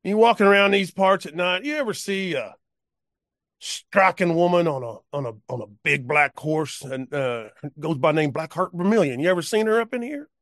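A man doing an old cowboy who's had too much to drink, pitched up high and twangy with a bright, edgy tone. He rambles in a halting drawl, friendly and unsteady, recorded close and dry in a tabletop game. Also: expressive, dry recording. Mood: conversational. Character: old drunk male cowpoke, rambling and friendly.

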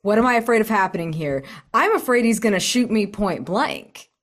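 A woman playing a tabletop role-playing game, chatting casually in an eager, excitable way. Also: mid-range voice, a little fast. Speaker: player.

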